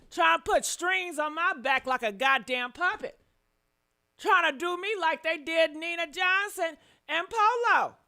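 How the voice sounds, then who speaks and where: Woman stream host, high bright voice, loud and profane, exclaiming. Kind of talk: heated live-stream commentary.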